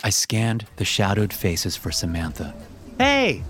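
A man narrating a first-person horror story in a hushed, tense storytelling manner. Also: low-pitched, normal speed. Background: music.

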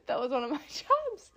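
A young adult woman with a high voice co-hosts a podcast, chatting casually against a noisy background. She's giggly and rambling, leaning heavily on "like" as filler.

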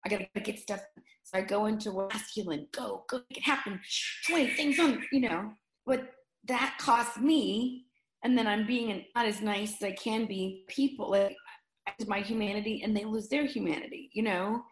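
A woman's voice: mid-range voice, moderate pace, noisy background. A middle-aged woman in casual conversation, telling personal stories earnestly and with feeling, often restarting her sentences. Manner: earnest, emotional storytelling with many restarts. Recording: roomy echo.

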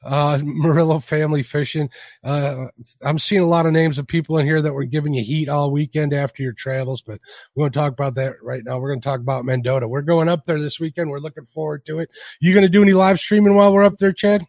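A male podcast host chats loosely with his guests, often stumbling and restarting as he reads out viewer comments. His voice sits a little high for a man, and the sound is dry and close. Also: fairly even intonation, fast talker, a little mellow, no room sound. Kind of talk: casual livestream chat.

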